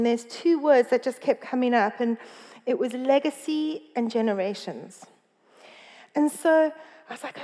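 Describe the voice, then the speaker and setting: A woman's voice: high voice, moderate pace, darkish tone, in a large hall. A woman pastor giving a chatty sermon in a church, telling a Bible story with frequent self-corrections. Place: church hall.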